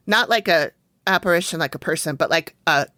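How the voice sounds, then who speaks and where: Lowish woman cohost, easygoing, reads her notes, lots of mm-hmms, dry mic. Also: brisk, pushed and bright, no room sound. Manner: easygoing, reads from notes, frequent "mm-hmm" agreement. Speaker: podcast co-host. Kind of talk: casual chat recapping a TV episode.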